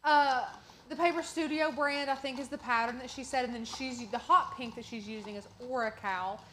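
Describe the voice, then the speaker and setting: A woman with a Southern US accent hosts a live crafting stream. She chats in an upbeat way and talks straight to the viewers. Her voice is a touch high. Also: fairly even intonation, fairly quick, bright, forceful tone, slight background noise. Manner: upbeat, reads viewer comments aloud. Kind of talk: casual live-stream chat.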